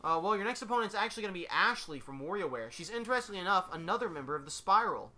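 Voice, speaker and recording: A man with a high, bright, pushed voice races along with big swings in pitch. Hosting and casually commentating fights, he swears freely and packs his sentences with "like" and "uh," in a mix of game commentary and story reading.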